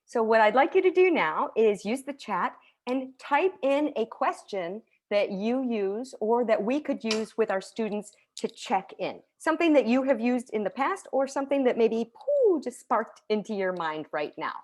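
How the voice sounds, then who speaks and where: A woman teacher giving an online conference talk over a video call, lively and conversational, with frequent check-ins of "right?" and soft laughs. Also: on the high side, normal speed, few pauses.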